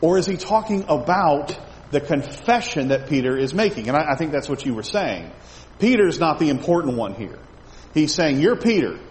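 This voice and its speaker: A man's voice: fairly high pitch, expressive, moderate pace, a little mellow. A man teaching a Bible study class. He reads scripture aloud, asks his listeners questions and often repeats words while he thinks. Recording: echoey hall with faint background noise.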